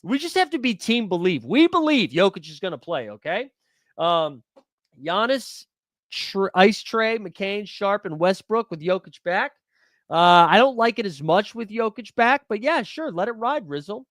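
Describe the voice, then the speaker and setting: Male stream host, fairly high voice, close dry mic, excitable and chatty with his chat. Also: measured pace, no room sound. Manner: excitable, talks to chat by name, thinks aloud. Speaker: fantasy sports live-stream host. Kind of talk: casual live-stream chat.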